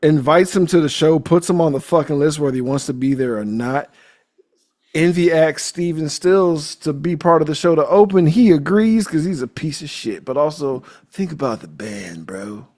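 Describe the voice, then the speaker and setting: A man co-hosting a casual movie podcast, retelling scenes in a loose, profane, animated way and breaking into laughter. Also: on the high side, normal speed. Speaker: podcast co-host.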